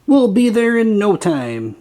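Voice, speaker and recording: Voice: medium pitch, very animated, measured pace, warm tone, pitched above the performer's own voice. A reader voicing a cool, laid-back cat pirate captain in a children's storybook, upbeat and easygoing. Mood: cheerful.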